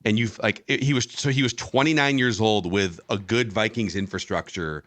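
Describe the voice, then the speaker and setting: A man's voice: fairly low pitch, normal speed, fairly bright tone, no echo. A man hosting a casual podcast, recapping and steering the talk. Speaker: podcast host. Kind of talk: casual chat.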